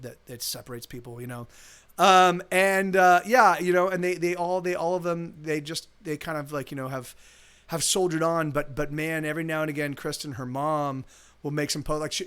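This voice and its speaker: A musician talking casually between songs on a live stream, halting, restarting often, quiet and subdued. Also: male voice, a little high. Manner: halting, many restarts and fillers. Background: guitar playing.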